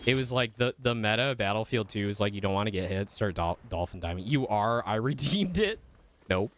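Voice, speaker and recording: A man's voice: lowish voice, expressive, brisk, fairly bright tone, a little hiss or hum. A man streaming a video game, chatting casually with viewers in a rambling way and often swearing when the game gets heated. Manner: chatty, rambling asides with many fillers. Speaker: vtuber streamer. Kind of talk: casual gaming stream chat.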